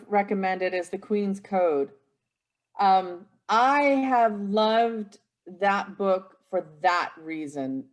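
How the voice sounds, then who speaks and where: A middle-aged woman speaking reflectively on a live stream, often restarting her sentences. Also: mid-range voice. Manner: reflective, searching for words with restarts. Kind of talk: casual conversation on a live stream.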